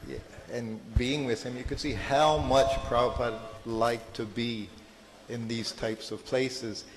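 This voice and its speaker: A man speaking at a medium pitch, telling old memories to a gathering. His talk is halting, full of fillers and restarts. The voice carries a long hall reverb. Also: slight background noise. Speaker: guest speaker at temple anniversary. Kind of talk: reminiscing talk to an audience. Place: large temple hall.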